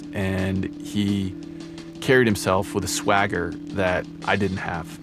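A man with a very low, gravelly voice narrating a personal story. He talks in a relaxed, conversational way, and clear music plays under his words.

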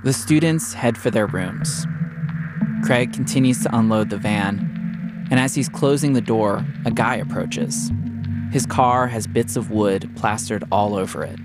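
A man narrating a documentary story in a measured, descriptive way. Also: fairly low pitch, over loud music. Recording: loud noise under the voice.

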